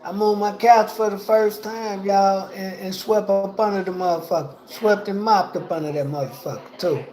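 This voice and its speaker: A man's voice: high-pitched, steady tone, normal speed, darkish tone, reverberant, poor audio. A man livestreaming from home in a rambling, repetitive, slangy way. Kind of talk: casual livestream talk. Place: at home indoors.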